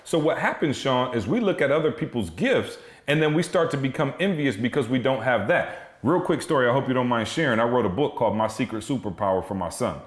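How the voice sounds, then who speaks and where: A man in his thirties, a motivational speaker, telling stories as a podcast guest in an animated, emphatic way. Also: medium pitch, a little fast, hardly any pauses, roomy sound. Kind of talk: energetic storytelling.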